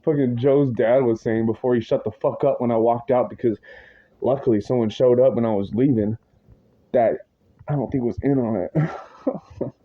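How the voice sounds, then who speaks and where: A man's voice: mid-range voice, fairly even intonation, normal speed, pauses often. A man ranting agitatedly in a rambling, profane monologue full of slang, his words tumbling into restarts. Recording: dull lo-fi audio.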